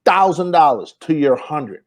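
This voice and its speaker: A man's voice: fairly high pitch, measured pace. A man telling comedy road stories in casual podcast chat, acting out the people he quotes. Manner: animated storyteller, acts out quotes, many fillers and restarts.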